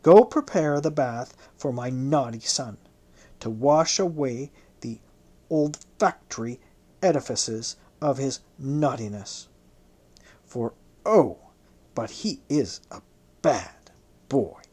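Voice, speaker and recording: A narrator voicing a haughty, teasing Roman noblewoman who mocks and coaxes in a slow, purring way. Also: mid-range voice, expressive, a little mellow.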